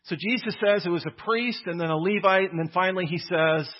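A man's voice: sits high, brisk, hardly any pauses, lo-fi sound. A man preaching a conversational, emphatic sermon, often repeating words as he builds a point. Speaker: pastor.

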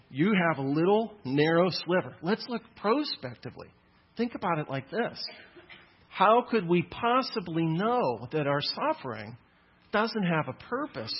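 A man in his thirties giving a Christian apologetics talk to an audience, lively and acting out the voices he quotes. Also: sits high, husky. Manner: animated, acts out quoted voices. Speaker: Christian speaker. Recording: dull lo-fi sound.

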